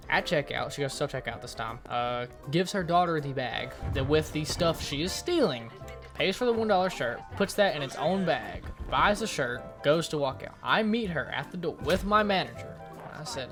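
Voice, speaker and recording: A young man telling a storytime vlog about his retail job, animated, exasperated and incredulous. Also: fairly high pitch, normal speed. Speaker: store associate telling a work story. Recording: clear music behind the voice.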